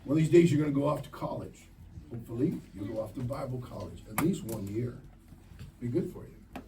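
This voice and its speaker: A man's voice: mid-range voice, lively intonation, fast talker. Man preaching to teens from a distance. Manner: direct, joking, keeps asking the crowd questions. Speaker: camp preacher. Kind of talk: sermon to teenagers at a youth camp. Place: church camp meeting. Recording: distant mic with faint ambient noise.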